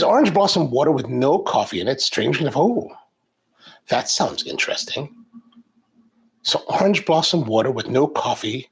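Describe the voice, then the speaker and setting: A middle-aged man hosting a coffee live stream, chatting in a rambling, animated way and reading viewer comments aloud. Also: medium pitch, creaky, breathy edge. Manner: rambling, animated, frequent restarts. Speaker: coffee show host.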